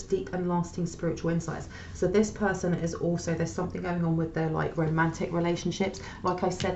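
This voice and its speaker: A woman's voice: on the low side, darkish tone, slight background noise. A woman giving a casual tarot reading to her viewers, chatting conversationally and often checking in with the listener. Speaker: tarot reader. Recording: echoey, dull lo-fi room sound.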